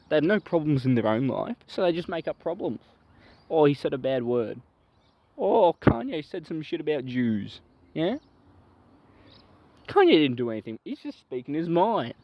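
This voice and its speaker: A man's voice: a little high, highs cut off, exaggerated voice. A man voicing a crude, brash male peanut butter co-host who rants and swears in a comedy podcast sketch.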